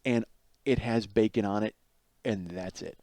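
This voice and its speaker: A man's voice: on the low side, a little slow, slight background noise. Exasperated man telling a comic story. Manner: animated, exasperated, swearing, acts out quotes. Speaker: podcast host.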